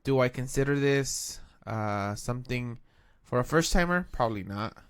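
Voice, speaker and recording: A man co-hosting a beer-tasting podcast, talking in a laid-back, hesitant way with many pauses and ums. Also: mid-range voice, lively intonation, clear, resonant tone. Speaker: podcast co-host. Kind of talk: casual beer-tasting chat.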